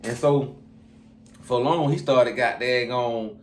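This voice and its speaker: A man recounting his time in prison in a relaxed, rambling, slang-heavy way, as the guest of an interview. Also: medium pitch, takes it slowly. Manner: laid-back, rambling, slangy storyteller. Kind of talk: casual storytelling interview. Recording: echoey room with faint ambient noise.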